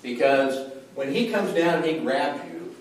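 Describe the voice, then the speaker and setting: A man's voice: on the high side, lively intonation, measured pace, distant mic, a little hiss or hum. A man teaching a Bible study in a conversational way, often checking in with his listeners. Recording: echoey room from afar.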